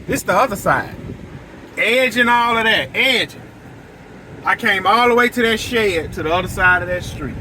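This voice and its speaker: A man telling an excitable, repetitive story to viewers from his vehicle. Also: sits high, normal speed, a little hiss or hum, rough recording. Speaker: lawn care business owner. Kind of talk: casual storytelling vlog. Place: vehicle, driving outdoors.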